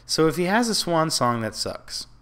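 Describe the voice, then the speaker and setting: A man with a slightly high, bright, clean voice that swings widely in pitch talks at a moderate pace over his own online card game. He thinks aloud about plays and grumbles self-critically at his mistakes, muttering and bursting out in frustration.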